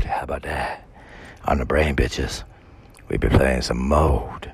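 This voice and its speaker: A man's voice: extremely low pitch, fairly even intonation, slow pace. A man talking to his viewers in a casual, rambling way, full of crude and profane banter while he gets music playing.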